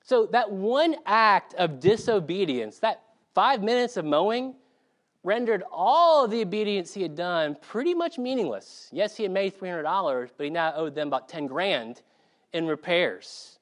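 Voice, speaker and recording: Lively, high-voiced male preacher. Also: moderate pace. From South Carolina. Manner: animated storytelling, lively delivery. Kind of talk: sermon.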